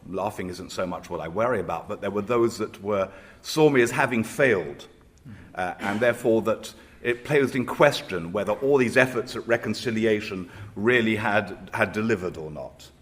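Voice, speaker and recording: A man from Israel, a rabbi, speaking on a panel in a measured, reflective way, with hesitations as he tells anecdotes. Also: lowish voice.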